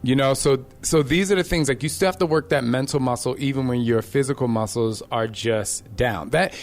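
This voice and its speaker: A man hosting a live podcast, telling fitness stories to his listeners in a lively, direct way with laughing asides. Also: mid-range voice, normal speed. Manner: animated storyteller with laughing asides. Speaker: podcast host and fitness trainer. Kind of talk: live podcast talk to an audience. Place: live event venue.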